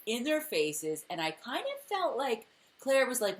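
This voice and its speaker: A woman's voice: fairly high pitch, very animated, moderate pace. A woman co-hosting a podcast, chatting casually and acting out characters' lines as she recaps a TV episode. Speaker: podcast co-host.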